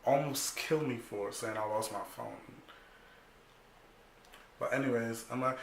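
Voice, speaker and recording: A young man telling a story casually, animated and profane, full of slang, acting out other people's lines. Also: fairly low pitch, measured pace, creaky, long pauses. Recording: echoey room.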